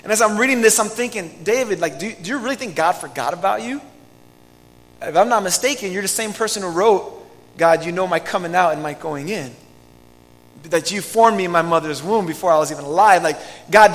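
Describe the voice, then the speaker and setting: A man preaching a sermon as pastor, earnest and pleading, moving between loud emphasis and hushed lines. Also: sits high, big-room sound, poor audio.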